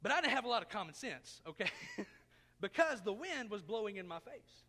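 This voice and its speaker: A man's voice: high voice, big pitch swings, brisk, pushed and bright. A man in his thirties preaching a sermon, telling a personal story in a folksy, self-mocking way. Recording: long reverb of a church hall.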